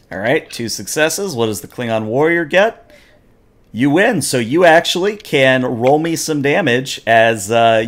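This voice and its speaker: Man narrating as a lively game master. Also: mid-range voice. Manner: animated storytelling with frequent "uh" fillers.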